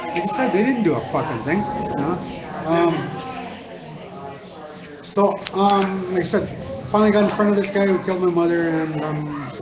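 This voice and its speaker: A middle-aged man telling a personal story to listeners, halting and repetitive, circling back on his words with many fillers. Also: sits high, rough recording. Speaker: speaker sharing a personal story. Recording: crowd noise audible behind.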